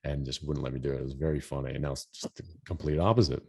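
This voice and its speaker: A man hosting a podcast, telling a story in a rambling, animated way, full of restarts and quoted asides. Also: a bass voice, racing, breathy edge. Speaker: podcast host. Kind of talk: casual storytelling.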